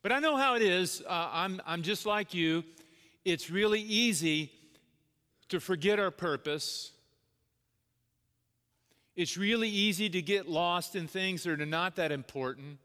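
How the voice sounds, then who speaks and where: Telling a personal story from the pulpit, this middle-aged pastor speaks earnestly and conversationally, voicing the people he quotes. His high voice sounds pushed and bright yet clean, moving at a measured pace with long pauses. The hall's reverb trails on long after each phrase.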